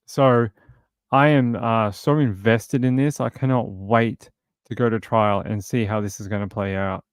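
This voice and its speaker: A man's voice: lowish voice, steady tone, measured pace, smooth, no room sound, clean studio sound. A man hosting a true crime stream, mocking a news clip with sarcastic rhetorical questions. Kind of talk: live commentary on a news clip.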